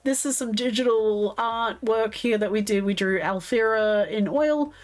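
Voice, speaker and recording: An Australian woman with a hoarse, fading voice, chatting casually as a livestream co-host. She giggles a lot and reads out chat. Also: a little high, unhurried. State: hoarse, losing her voice. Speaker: stream co-host and moderator.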